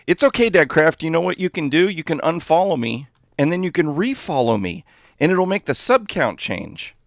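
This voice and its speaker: A man's voice: a little high, very animated, normal speed, vocal fry, dry recording, studio quality. A man chatting casually while livestreaming a game, rambling and easily distracted, often laughing at his own jokes. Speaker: gaming livestreamer.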